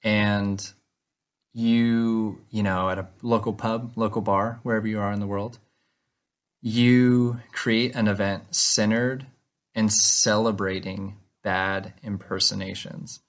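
Man, podcast co-host, fry-edged voice, playful banter. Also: flat delivery, slow pace. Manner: playful, pitching ideas with jokes. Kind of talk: casual podcast chat.

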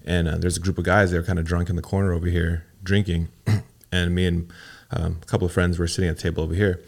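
A man in his thirties with a low voice tells a story on a podcast. He talks easily and acts out what others said in a raised voice. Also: level tone, fast talker, gravelly. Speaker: podcast co-host. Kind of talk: casual chat.

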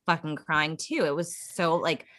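A woman's voice: low-pitched, steady tone, unhurried, a bit bright, dry recording, clean studio sound. A young woman in her twenties co-hosting a podcast, gossiping casually about reality TV and swearing. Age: 20s or early 30s. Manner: gossipy, mimics people, swears. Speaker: podcast co-host.

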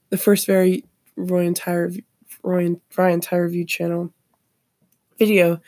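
A woman's voice: lowish voice, warm tone, no room sound. A woman hosting a podcast alone, talking casually and rambling, often repeating and restarting her phrases. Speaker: podcast host. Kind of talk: casual solo commentary.

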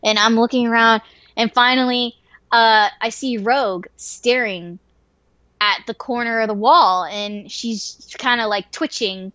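Higher-pitched woman telling a story, swears a lot, gets all worked up, dry dull-sounding recording. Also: measured pace, dry recording. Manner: swears freely, animated and excitable. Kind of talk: casual story told to a listener.

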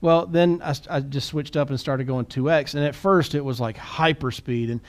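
A man co-hosting a podcast in casual chat, quick and animated, often restarting and repeating words. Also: on the high side. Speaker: podcast co-host.

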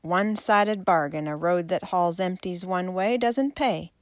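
A wealthy traveling man talks with a sharp, scornful edge, as a woman reads him. He sounds irritable and dismissive, and the voice is dry and close. It comes from a storybook reading. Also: lowish voice, unhurried, dry recording, natural voice. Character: contemptuous rich eastern traveler, irritable man.

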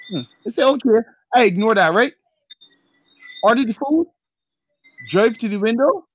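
A young man tells stories on a casual podcast. His delivery is animated, and his voice leaps upward whenever he quotes someone. The recording is dry and close. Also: normal speed, long pauses, no room sound, low-quality recording. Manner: animated storyteller, voice jumps high when acting out quotes. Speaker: podcast co-host. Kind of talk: casual storytelling chat.

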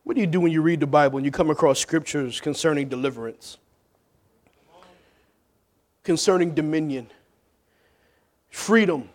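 Man, pastor, high voice, sermon, loud jokes and hushed questions. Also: moderate pace, pauses often.

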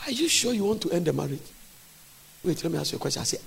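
A man in his forties preaches a sermon in a high, wildly swooping voice with a gravelly edge. He moves between sing-song phrases and sudden shouts. The sound carries a long church reverb. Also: expressive, racing. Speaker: pastor. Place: large church.

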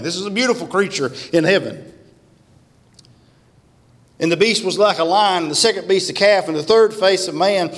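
A man preaching a revival sermon in a church, fervent and emphatic. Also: sits high. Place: church sanctuary. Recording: long church-hall reverb.

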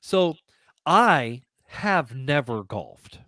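A man's voice: fairly high pitch, sing-song, very slow, bright, forceful tone, no echo, clean studio sound. A man co-hosting a podcast, chatty and jokey in casual talk. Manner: chatty, hesitant with restarts, jokey. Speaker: podcast co-host. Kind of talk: casual chat.

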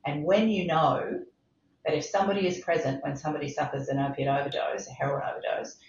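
A woman's voice: sits low, fast talker, darkish tone, slight background noise. A middle-aged woman, a medical director, speaking emphatically in a podcast interview. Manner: impassioned, emphatic, repeats for stress. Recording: roomy, slightly dull sound.

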